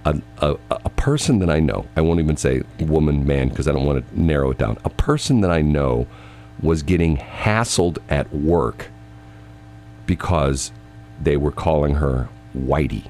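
A man co-hosting a casual talk show, animated and laughing, his voice leaping up when he is incredulous. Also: rumbling low, moderate pace, a little hiss or hum. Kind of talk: casual banter.

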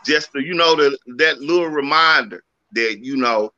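A man on a talk show panel, telling family stories in a relaxed, conversational way. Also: mid-range voice, moderate pace. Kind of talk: casual panel discussion. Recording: dull, lo-fi mic sound.

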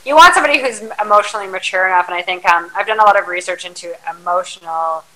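A woman guest chatting about relationships in a reflective, advice-giving way, with plenty of ums and pauses. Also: medium pitch, a crowd in the background, rough recording. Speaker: podcast guest, charter yacht crew. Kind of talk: casual interview chat.

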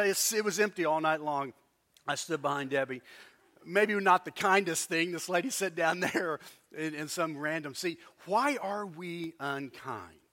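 A middle-aged male pastor preaches with a high, bright voice. He tells stories with animated asides and calls back to the congregation. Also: normal speed. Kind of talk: sermon.

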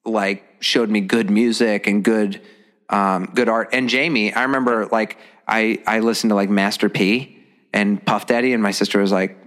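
Man, lowish voice, casual podcast chat, rambling, hesitant. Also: fairly even intonation, normal speed, a bit bright. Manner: rambling, hesitant, full of fillers.

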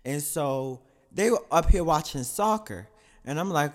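A man's voice: a little high, lively intonation, measured pace. A man telling a crude, candid confessional story to his listeners, rambling through self-corrections and laughing at himself.

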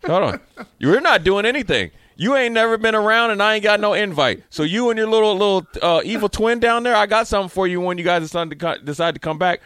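Male radio host, relaxed slangy storyteller, smooth voice, dry studio sound. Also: sits high, fast talker, no room sound. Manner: laid-back storytelling, slangy. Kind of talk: casual sports radio chat.

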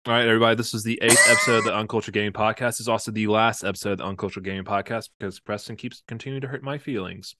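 A man's voice: lowish voice, fairly even intonation, racing, hardly any pauses, bright, forceful tone, no room sound, clean studio sound. A young man co-hosting a casual podcast, joking and rambling with lots of fillers while tipsy from drinking. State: slightly drunk. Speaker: podcast co-host. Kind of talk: casual chat.

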